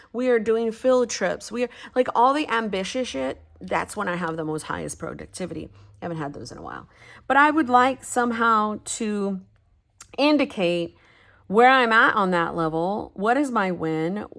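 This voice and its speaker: A woman's voice: mid-range voice, fairly bright tone. A woman in her thirties chatting casually about her planner and journaling, rambling and candid and swearing now and then. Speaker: planner vlogger.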